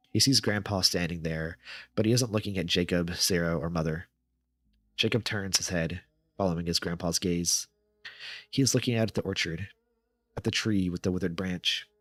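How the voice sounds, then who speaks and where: A man narrating horror stories at a steady, measured pace on a close mic, stopping for short asides. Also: deep voice, no echo. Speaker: horror story reader, streamer.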